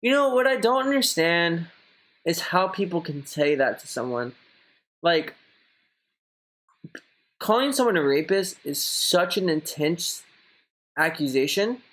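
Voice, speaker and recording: A man's voice: very animated, measured pace, pauses often, fairly bright tone. A young man reading out viewer messages on a live stream and chatting back casually, rambling and swearing a lot. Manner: mocks a high gushing voice when quoting others.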